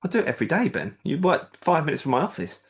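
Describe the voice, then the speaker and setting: Lively, teasing co-host. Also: male voice, on the high side, fast. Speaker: podcast co-host. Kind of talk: casual podcast chat.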